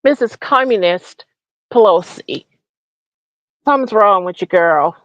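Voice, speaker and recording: A woman's voice: medium pitch, animated, unhurried, a bit bright, no room sound. A woman hosting a comedic political rant, mocking and profane, firing off rhetorical questions. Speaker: host. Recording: dull lo-fi recording.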